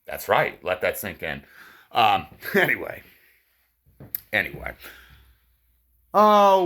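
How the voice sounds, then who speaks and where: A man's voice: fairly low pitch, wildly swooping pitch, slow pace, long pauses, sharp tone. A man delivering a profane, sarcastic ranting monologue to his viewers. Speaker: vlogger.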